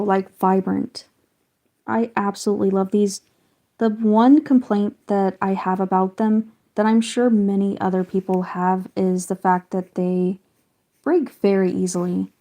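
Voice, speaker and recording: A woman's voice: medium pitch, a little mellow. A young woman chatting casually on a live stream while colouring, greeting viewers and reading out their comments with lots of fillers. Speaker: livestreamer.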